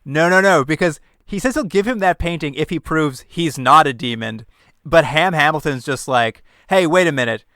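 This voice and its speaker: A man's voice: fairly high pitch, moderate pace, pushed and bright, no room sound, clean studio sound. A man co-hosting a podcast, recapping a movie in casual chat and laughing often. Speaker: podcast co-host.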